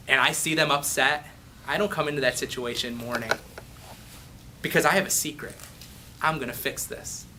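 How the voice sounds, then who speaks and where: A man's voice: medium pitch, pushed and bright, a little hiss or hum. A man preaching a casual sermon, reading scripture and joking before building to passionate emphasis. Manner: jokey asides, rising to passionate emphasis. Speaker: pastor.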